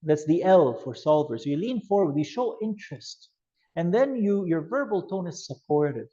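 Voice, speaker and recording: A man teaching a youth ministry class, animated and acting out scenarios with changes in his voice. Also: fairly high pitch, moderate pace, lo-fi sound. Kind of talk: classroom lecture with role-play examples.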